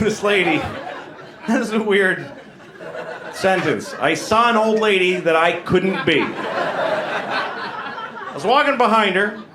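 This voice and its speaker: A man's voice: sits high, echoey room, background noise. A young man doing crude, rambling, self-mocking stand-up comedy on a club stage. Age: young adult.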